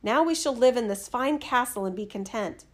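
A woman's voice: on the high side, lively intonation, normal speed. A woman voicing a timid fisherman who hesitates to obey his wife. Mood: reluctant. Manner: meek and hesitant. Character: timid reluctant old fisherman husband.

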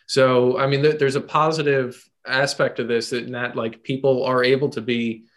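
A man co-hosting a podcast, working through an idea out loud with frequent ums and pauses. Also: mid-range voice, level tone. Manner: thinking aloud, halting with many ums. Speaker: podcast co-host. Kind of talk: casual chat.

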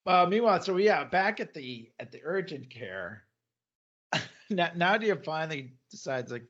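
A podcast co-host casually recaps a TV episode, animatedly acting out quotes and laughing often. His voice is on the high side and a little slow, with the highs cut off in the recording.

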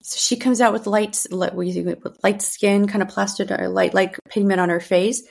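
A woman in her thirties speaks openly in a podcast monologue, her mid-range voice carrying a noticeable gravelly fry. She talks in a loose, conversational way, circling back and restarting her sentences as she thinks aloud. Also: medium pitch, steady tone, normal speed, a little mellow. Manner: candid, conversational, many restarts and fillers. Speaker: podcast host. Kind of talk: personal monologue.

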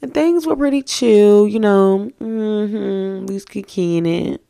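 A young woman hosting a podcast, telling stories in a blunt, profane, animated way. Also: medium pitch, slow, gravelly, no room sound, clean studio sound. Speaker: podcast host. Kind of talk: casual storytelling.

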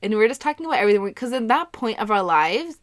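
A woman's voice: on the high side, big pitch swings, very fast, no room sound, clean studio sound. A young woman co-hosting a casual podcast, telling stories animatedly, acting out quotes and swearing freely. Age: young adult. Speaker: podcast co-host. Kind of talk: casual chat.

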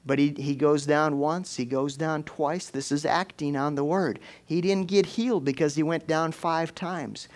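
A man's voice: a little high, fairly even intonation, measured pace, few pauses. A man preaching a folksy, conversational sermon, rising into fervent exclamations as he drives his points home.

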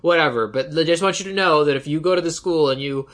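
A woman co-hosting a podcast, chatting casually through a movie recap and acting out quoted lines in animated bursts. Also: sits low, quick pace. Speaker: podcast co-host.

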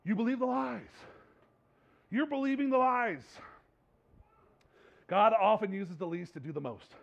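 A man's voice: sits high, measured pace, creaky. A man preaching a sermon as a pastor, in a conversational, humorous way, laughing often. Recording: dull lo-fi recording.

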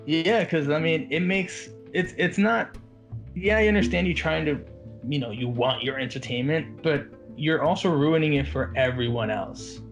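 A man working as a walk-around magician, telling a story in an animated, casual chat. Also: on the high side, moderate pace, soft background music. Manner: animated, quotes others in his story.

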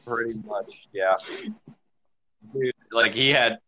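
A man tells a rambling, profane story with lively energy at an ordinary pitch. The recording is dull and lo-fi, with the top end rolled off. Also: slow pace, no room sound. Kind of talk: casual storytelling chat.

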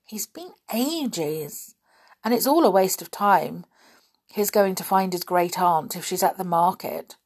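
A woman's voice: lowish voice, lively intonation, measured pace, breathy edge, full character voice. A woman voicing an anxious, earnest young girl in a children's storybook. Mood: impatient.

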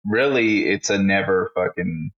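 A man's voice: low voice, measured pace, dull audio. A man co-hosting a casual podcast, blunt and profane, reading out a ranked list with running commentary. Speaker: podcast co-host.

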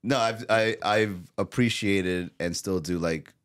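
A male comedian chats on a podcast in a somewhat low voice. He rambles loosely and circles back, with lots of fillers and restarts. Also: measured pace. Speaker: comedian guest. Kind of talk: casual podcast chat.

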